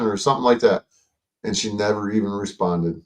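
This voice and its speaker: A man's voice: fairly low pitch, normal speed, recorded from a distance. A man hosting a casual livestream, rambling and swearing, with lots of fillers and restarts. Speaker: livestream host.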